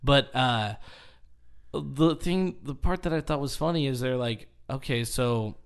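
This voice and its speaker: A man on a podcast, casually retelling a story with lively acted-out quotes and frequent laughter. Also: mid-range voice, measured pace. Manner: animated storytelling, acting out quotes, laughing often. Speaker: podcast host. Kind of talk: casual chat.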